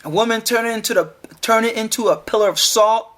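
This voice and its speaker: A man's voice: high-pitched, fairly quick, fairly bright tone. Man hammering home rhetorical questions. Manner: repetitive, challenging with rhetorical questions; emphatic, stumbles with repeated words. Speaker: podcast host. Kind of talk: argumentative solo podcast monologue.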